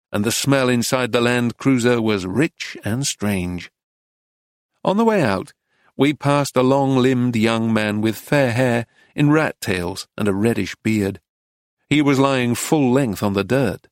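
A man's voice: medium pitch, lively intonation, no room sound. Man narrating a story in a dry, close voice. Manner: measured, descriptive storytelling. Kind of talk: audiobook narration.

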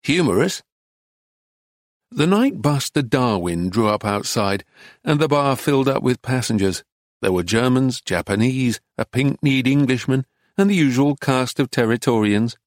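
A man reading an audiobook in a measured, understated, dry manner. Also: mid-range voice, lively intonation, dry recording. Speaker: narrator. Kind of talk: scripted audiobook narration.

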